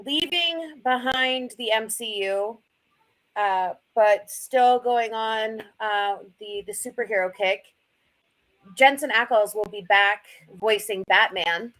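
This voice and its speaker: A woman with a fairly high voice in relaxed panel chat. She cuts in eagerly, setting facts straight and gushing about favourite actors. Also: slow, low-quality recording. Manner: eager, jumps in to correct others. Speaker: podcast panelist. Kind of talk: casual chat.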